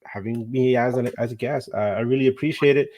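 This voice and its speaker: A man's voice: mid-range voice, fairly quick, a little mellow. A man guesting on a fan show, friendly and a bit hesitant with fillers. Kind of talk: casual podcast chat.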